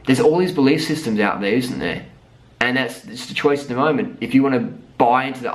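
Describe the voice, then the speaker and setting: A man's voice: medium pitch, brisk, low-quality recording. An Australian man in his thirties, talking to camera in a blunt, profane, emphatic motivational rant mixed with storytelling. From South Australia. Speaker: vlogger.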